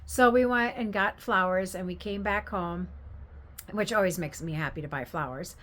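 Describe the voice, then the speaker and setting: Older lady vlogging about her craft fair, chatty and rambling, pokes fun at herself, middle-pitched voice. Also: moderate pace, a bit bright, slight background noise. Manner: rambling, candid, self-deprecating, laughs while telling stories. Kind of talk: casual vlog storytelling.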